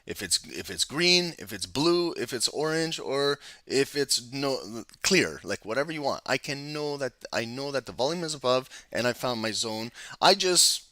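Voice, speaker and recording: A man's voice: mid-range voice, very animated, measured pace, few pauses, bright, forceful tone, no room sound. A man casually teaching a live trading lesson over his screen, talking with lots of ums and restarts. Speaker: trading instructor.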